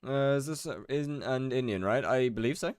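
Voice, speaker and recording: A man's voice: medium pitch, moderate pace, clear, resonant tone, no room sound, studio quality. A young man streaming a game live, chatting casually and greeting viewers by name as he rambles. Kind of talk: casual live-stream chat while gaming.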